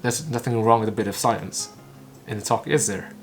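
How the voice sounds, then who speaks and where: Against soft background music, a man with a fairly low pitch and fairly even intonation shadows a recorded talk line by line. He comes from Vietnam, speaks Vietnamese natively, and is an English learner who hosts a channel. His speech is halting and clipped, with stumbles and restarts coming often.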